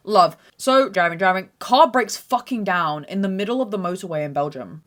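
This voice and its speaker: A woman's voice: on the low side, quick pace, few pauses. A young woman in her twenties hosting a podcast, telling stories in a blunt, sweary, dramatic way. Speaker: podcast host. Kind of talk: casual storytelling monologue.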